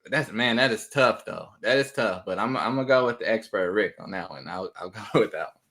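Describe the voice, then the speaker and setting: A man guesting on a sports podcast in a casual chat, easygoing and quick to laugh. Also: lowish voice, a bit bright.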